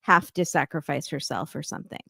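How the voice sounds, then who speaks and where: A woman's voice: low-pitched, a little fast, vocal fry, bright, forceful tone, breathy edge, no room sound, studio quality. A woman co-hosting a podcast, chatting casually and rambling with many fillers and restarts. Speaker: podcast co-host. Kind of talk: casual chat.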